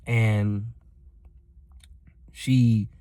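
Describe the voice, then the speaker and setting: A man's voice: lowish voice, little pitch movement, extremely slow, no room sound. Earnest man giving a motivational talk. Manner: rambling, earnest, addresses "ladies and gentlemen"; acts out quoted voices in his stories. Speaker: motivational vlogger.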